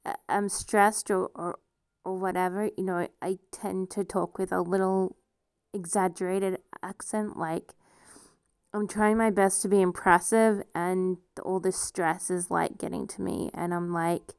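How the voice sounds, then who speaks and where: A woman's voice: lowish voice, flat delivery, unhurried, creaky, clean tone, no echo, clean studio sound. Woman rambling with a strong accent. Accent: noticeable non-standard accent. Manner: rambling, self-deprecating, laughs often. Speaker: vlogger. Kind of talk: casual personal monologue.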